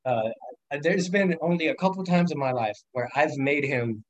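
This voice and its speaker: A man's voice: on the high side, animated, normal speed, dry recording, dull audio. A young man casually telling rambling, profane stories on a podcast, laughing often as he talks. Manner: rambling storyteller, laughs a lot, lots of swearing. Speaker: podcast guest. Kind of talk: casual chat.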